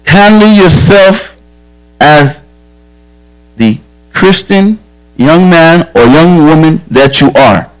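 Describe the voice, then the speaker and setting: A man's voice: a little high, animated, slow pace, pauses often, low-quality recording. A man who is a police officer, giving a direct, earnest safety talk to children at a church camp and telling stories from his own life. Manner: direct, earnest, frank storytelling.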